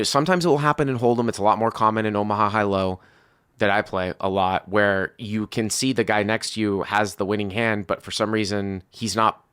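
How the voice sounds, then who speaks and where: A man's voice: lowish voice, a bit bright, clean tone, dry recording, studio quality. A male podcast host talking through a poker hand, methodically restating each bet and action. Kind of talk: casual poker discussion.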